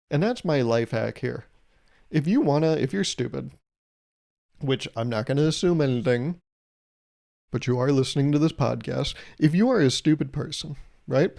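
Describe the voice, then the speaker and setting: A man hosts a solo podcast, riffing in a sarcastic, comedic monologue and firing off rhetorical questions. His voice is mellow and warm, sitting at an ordinary male pitch. He dishes out mock advice with a playful, teasing edge. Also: creaky. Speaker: podcast host.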